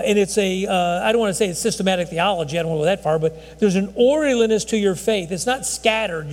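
A man preaching a conversational sermon in a folksy, rambling way, often restarting his sentences. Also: high voice. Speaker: pastor. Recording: long hall reverb.

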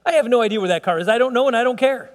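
A middle-aged male pastor preaching a sermon, impassioned, with stammering repeats and swings between soft and loud. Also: extremely high pitch, very fast. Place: church sanctuary. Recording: long reverb in a church hall.

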